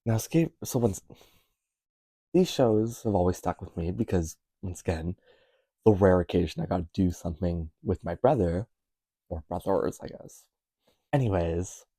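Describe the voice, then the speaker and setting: Low-voiced young guy rambling on his vlog, mellow, dry close sound. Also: slightly rough, no echo. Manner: rambling, self-correcting, wry asides. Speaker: vlogger.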